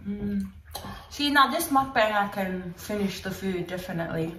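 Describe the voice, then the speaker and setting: A woman with an Australian accent hosting a casual vlog, chatting with lots of ums and likes and quick giggles. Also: medium pitch, expressive. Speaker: vlogger host. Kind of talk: casual chat. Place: at home with kids. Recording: roomy, distant mic, faint noise.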